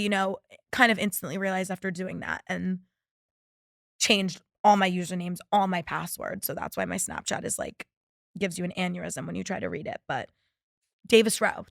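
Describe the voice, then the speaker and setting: A woman's voice: medium pitch, creaky, a bit bright, no room sound, studio quality. A young woman in her twenties hosting a casual solo podcast, chatting and swearing freely as she reads out listener stories. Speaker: podcast host.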